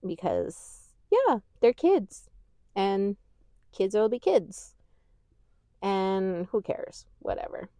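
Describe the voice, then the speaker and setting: A woman's voice: mid-range voice, drawn-out words, pauses often, no room sound. A woman hosting a casual podcast, chatty and rambling, swearing freely and laughing easily as she gushes. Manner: laughs easily, gushing and animated. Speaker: podcast host. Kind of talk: casual chat.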